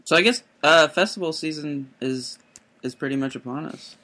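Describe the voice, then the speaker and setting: A man's voice: a little high, moderate pace, pushed and bright, a little hiss or hum. A man hosting a music podcast in casual chat, hesitant and stammering.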